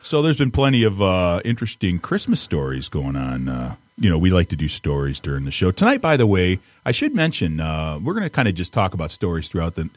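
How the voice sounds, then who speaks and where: A man's voice: sits low, wildly swooping pitch, brisk, few pauses, no echo. An older man hosting a radio show, telling rambling, laughing stories in casual chat with a co-host, swearing freely. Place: radio studio. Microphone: studio mic.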